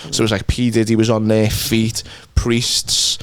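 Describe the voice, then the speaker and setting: A man's voice: fairly low pitch, monotone, measured pace, a bit bright, clear, resonant tone, no echo. A young Scouse man from Liverpool, co-hosting a podcast and telling a rambling, sweary story about a stand-up gig, laughing as he goes. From Liverpool, England. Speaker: podcast co-host and stand-up comic. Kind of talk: casual chat.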